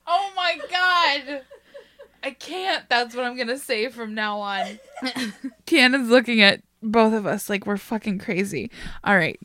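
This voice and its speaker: A woman's voice: fairly high pitch, measured pace, fairly bright tone, dry recording. A woman co-hosting a podcast, telling a story in casual chat, laughing often and swearing freely. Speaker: podcast co-host.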